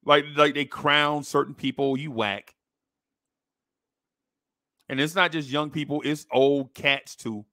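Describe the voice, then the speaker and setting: Man, podcast host, blunt slangy rant, mocking tone, bright edgy voice, slightly high pitch. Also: fairly even intonation, takes it slowly, pauses often, dry recording, studio quality. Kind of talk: opinion rant to camera.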